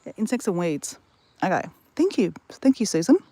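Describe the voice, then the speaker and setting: With big pitch swings and a warm, medium-pitched voice, a woman speaks at a moderate pace. She's out in the bush by the water on a live stream, rambling through stories and chatting straight to her audience.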